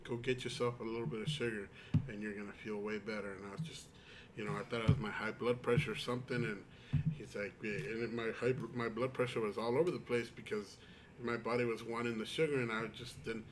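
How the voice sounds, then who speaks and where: A man's voice: fairly low pitch, fairly even intonation, fast talker, noisy background. A man with in his speech, telling stories in a rambling, casual chat with friends. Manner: rambling storyteller, many restarts and quoted asides.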